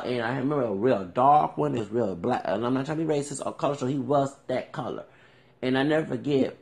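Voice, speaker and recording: A man's voice: medium pitch, vocal fry. A man from Houston hosting a podcast, talking in a rambling monologue and often tagging "okay?" onto his points. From Houston, Texas. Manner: digressive, repeats "okay?". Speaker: podcast host.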